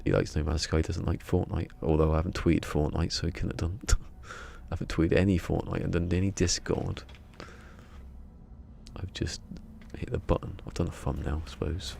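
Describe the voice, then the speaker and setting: Guy streaming a game, deep gravelly voice, rambling and joking at himself. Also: little pitch movement, moderate pace, darkish tone, a little hiss or hum. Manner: rambling, self-mocking banter. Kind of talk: casual live-stream chat.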